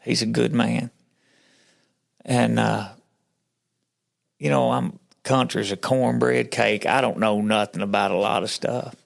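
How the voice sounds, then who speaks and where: A man's voice: mid-range voice, steady tone, unhurried, gravelly, long pauses. A man as a podcast guest, telling his faith story in casual chat like a folksy storyteller who acts out what other people said.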